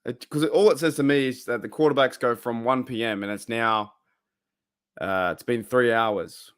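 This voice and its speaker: A man's voice: mid-range voice, normal speed, fairly bright tone, smooth. A young Australian man hosting a casual livestream, chatting loosely and reading out viewers' messages. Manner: rambling, reads chat aloud, loose and chatty. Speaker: livestream host.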